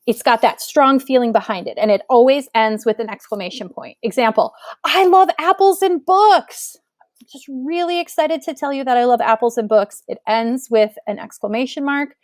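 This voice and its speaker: A woman's voice: fairly high pitch, dry recording. Woman teaching a patient grammar lesson. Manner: clear, patient explaining with spoken examples. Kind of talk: recorded online grammar lesson.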